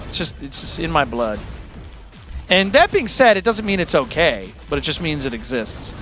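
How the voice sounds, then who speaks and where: Lively, bright-voiced male streamer talking candidly. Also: a little high, normal speed. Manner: candid, rambling, self-deprecating. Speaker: livestream music host. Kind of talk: casual chat to a live audience.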